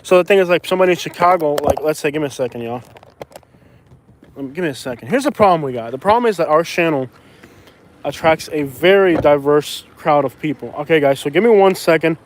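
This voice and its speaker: A man's voice: a little high, expressive, brisk, a little hiss or hum. Rambling man live-streaming outdoors. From Florida. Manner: rambling, repeats himself. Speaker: vlogger hosting a live stream. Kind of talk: casual live-stream chat while walking. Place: outdoors near a beach. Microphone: phone on a stabilizer.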